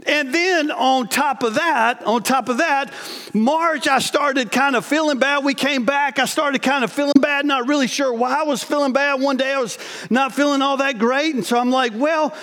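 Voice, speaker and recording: Man in his 40s, very high pitched, telling his own story in a sermon in a big echoing hall; lively, laughing, keeps restarting his sentences. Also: normal speed. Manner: animated, laughing, self-interrupting. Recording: long hall reverb.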